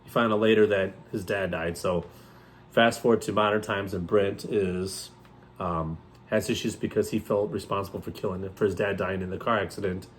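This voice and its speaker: A man co-hosting a horror movie review in casual chat, joking and rambling, with thoughts that trail off softly. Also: lowish voice, fairly even intonation, normal speed, a little hiss or hum. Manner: joking, jumps into loud playful outbursts.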